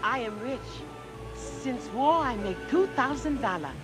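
Casting: middle-aged island mother, pushy, broken English, slow and deliberate, music behind. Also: a little high, expressive. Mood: coaxing. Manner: broken English, blunt persuasive. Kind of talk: 1950s film musical dialogue.

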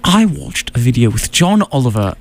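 A man's voice: mid-range voice, sing-song, moderate pace. A man hosting a radio show, joking along with his co-host in an easygoing, announcer-like way into a studio microphone. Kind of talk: comic radio chat.

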